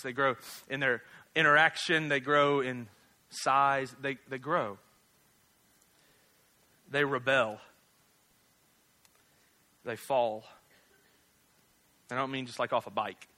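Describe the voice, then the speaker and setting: A man's voice: medium pitch, sharp tone. A man, preaching a casual, humorous sermon as a pastor, full of jokes and tag questions. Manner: joking, conversational, rhetorical tag questions.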